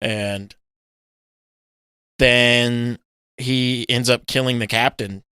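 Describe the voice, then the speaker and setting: A man co-hosting a casual podcast, recounting scenes with a lot of swearing and sudden acted-out yells. His voice is bright and crisp. It sounds close and dry, with no room around it. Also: medium pitch, very slow, dry recording. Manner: animated storytelling, swearing, loud acted-out yells. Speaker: podcast co-host. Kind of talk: casual chat.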